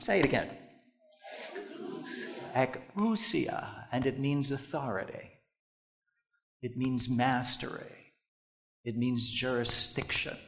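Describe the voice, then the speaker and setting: A middle-aged man preaching a sermon, moving between loud storytelling and hushed, deliberate emphasis with drawn-out repetitions. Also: mid-range voice, vocal fry. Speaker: pastor.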